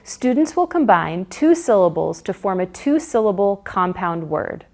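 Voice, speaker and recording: Woman, literacy instructor, scripted lesson narration, slow deliberate delivery, lively sing-song pitch. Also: soft background music.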